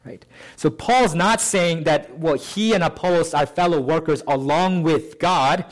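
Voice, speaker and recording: A man preaching a sermon as pastor, in a conversational way, often asking "right?" and lifting and slowing his voice on key phrases. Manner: conversational, often adds "right?" to check with listeners; lifts pitch and slows to stress key phrases.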